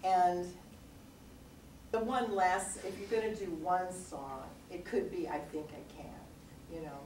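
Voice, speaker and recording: A woman presenting a read-aloud workshop in a lively way, breaking into little songs as she teaches. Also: fairly low pitch, unhurried. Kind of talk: teaching with sung story examples. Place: workshop room. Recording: echoey room, mic far off, noisy.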